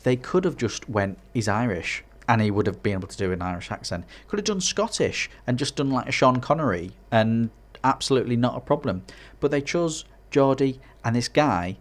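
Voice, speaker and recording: A man's voice: mid-range voice, big pitch swings, brisk, hardly any pauses. A man with a Middlesbrough accent co-hosting a casual podcast, chatty with dry, wry asides. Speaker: podcast co-host.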